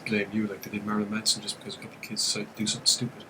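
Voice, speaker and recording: A man co-hosting a horror podcast, chatting casually and giving quick, opinionated takes. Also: on the low side, monotone, pushed and bright, rough recording. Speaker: podcast co-host. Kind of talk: casual chat.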